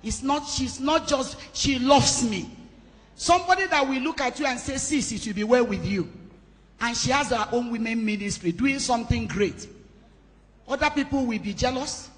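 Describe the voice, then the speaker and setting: A woman pastor, telling a personal story in a sermon with emphatic, changing loudness. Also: fairly high pitch, moderate pace. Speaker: pastor hosting a women's conference. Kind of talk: sermon testimony. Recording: long hall reverb.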